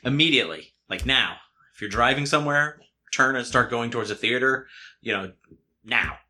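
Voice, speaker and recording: A man's voice: mid-range voice, moderate pace, sharp tone. A man from Pennsylvania co-hosting a casual podcast chat at home, joking, teasing and laughing often. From Pennsylvania, USA. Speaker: podcast co-host. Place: home dining room. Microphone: two hosts sharing one microphone.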